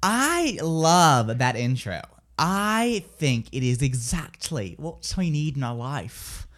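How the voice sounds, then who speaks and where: A woman's voice: low-pitched, sing-song, takes it slowly. A woman hosting a live morning radio show, bantering in a playful, goofy way. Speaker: radio host. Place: radio studio.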